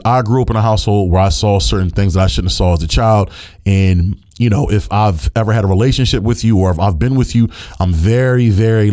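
A young man hosts his own podcast in a low, warm voice, talking casually and bluntly with plenty of swearing. He pushes his pitch up sharply when a rant takes hold. The sound is dry and close. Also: dry recording. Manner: blunt, profane, heated rants with rising pitch. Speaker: podcast host. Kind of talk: casual opinion podcast monologue.

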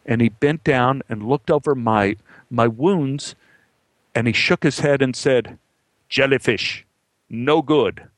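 Animated middle-aged male storyteller. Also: measured pace, no room sound. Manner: animated, voice climbs high when the story gets tense. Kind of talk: comic personal storytelling.

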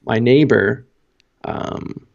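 A man's voice: mid-range voice, very slow, gravelly. A man, a podcast co-host, chatting bluntly and casually with plenty of swearing. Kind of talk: casual chat. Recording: dull, muffled lo-fi mic.

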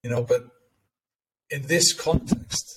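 A man co-hosting a podcast, explaining ideas in a measured, conversational way. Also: mid-range voice, poor audio. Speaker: podcast co-host. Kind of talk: casual conversation. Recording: faint background noise and clicks.

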